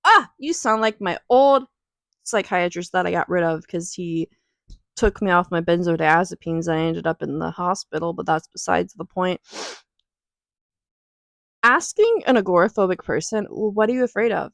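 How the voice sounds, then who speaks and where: A woman's voice: lowish voice, expressive, moderate pace, vocal fry, dry recording. A young woman talking in an emotional, rambling way in a personal vlog at home, near tears. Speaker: vlogger.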